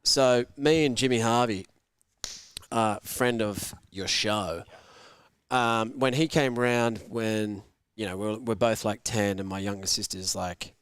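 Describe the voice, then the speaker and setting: A young man tells a prank story from his childhood, full of swearing and loud put-on voices. His voice is smooth and clear. The sound is dry and close. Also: on the low side, slow pace, no room sound. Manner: animated, swearing, shouts out voices in his stories. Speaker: host. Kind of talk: casual storytelling on a live sports watch-along.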